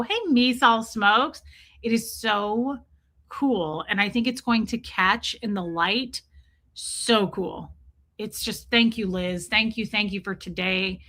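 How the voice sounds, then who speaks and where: A woman's voice: mid-range voice, pushed and bright. A woman chatting casually on a livestream, gushing over jewelry and greeting viewers by name. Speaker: livestream host.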